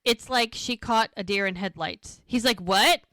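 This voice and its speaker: With a sharp-toned, mid-range voice, a woman on a podcast casually runs through a TV episode, retelling scenes and snapping off quick quotes of the characters' dialogue. No room sound is audible.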